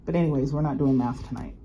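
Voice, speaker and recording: A woman with a very deep, mellow voice talks fast while she presents her new jewelry in a casual show-and-tell. The luxury unboxing vlogger rambles and laughs a lot, and there's a little hiss or hum in the recording.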